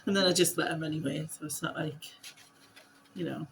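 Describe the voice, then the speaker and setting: Giggly woman, low voice. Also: steady tone, brisk, creaky, a bit bright, a little hiss or hum, poor audio. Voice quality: giggly, self-deprecating, chatty. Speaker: vlogger host. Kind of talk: casual chat while crafting.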